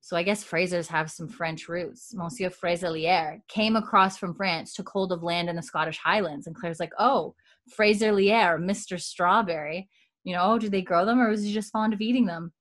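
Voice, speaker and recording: A woman's voice: fairly low pitch, fairly even intonation, a little fast, hardly any pauses, a bit bright. Chatty woman recapping a show. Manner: retells scenes with quoted lines, chatty and giggly. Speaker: podcast co-host. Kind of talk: casual recap chat.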